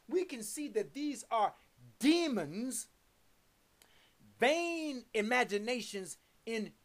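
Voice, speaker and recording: A woman preaching a sermon, stressing words and syllables and repeating lists of terms as she works through scripture. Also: fairly high pitch.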